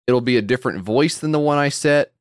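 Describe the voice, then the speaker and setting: A man co-hosting a podcast, chatting casually and profanely and jumping into high mock voices. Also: fast, clear, resonant tone, dry recording, clean studio sound. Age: adult with a wife and kid. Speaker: podcast co-host. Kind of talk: casual comedic chat.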